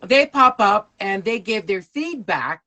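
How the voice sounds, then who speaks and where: A woman hosting a storytelling show, addressing listeners in a welcoming announcer manner. Her voice is bright and forceful, at a middle pitch. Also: lively intonation, measured pace.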